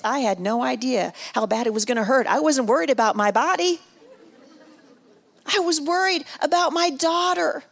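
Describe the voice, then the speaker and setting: A middle-aged woman giving a sermon at a women's retreat, telling a personal story. She moves between hushed and loud, repeats phrases for emphasis and jokes with the audience. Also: high voice, expressive, normal speed, creaky, a faint crowd. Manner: emotional, builds from hushed to loud and back. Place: large room at a women's retreat.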